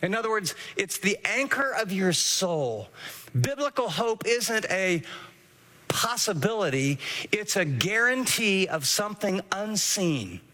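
A man delivers an earnest sermon, teaching from scripture and telling listeners what to underline. His voice sits high and bright. A long reverb trails behind him, as in a large hall. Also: sing-song, measured pace. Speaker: pastor.

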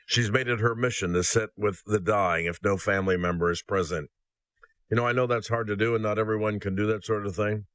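A man's voice: lowish voice, steady tone, fairly quick, a bit bright, no echo. A man hosting a ministry podcast. He reads a personal story aloud, then gives an earnest devotional message that addresses listeners as brothers and sisters.

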